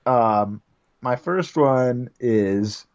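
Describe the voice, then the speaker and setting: A man co-hosting a podcast, leading the questions in a relaxed, casual way with soft laughs. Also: medium pitch, extremely slow, no room sound, highs cut off. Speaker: podcast co-host. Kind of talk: casual chat.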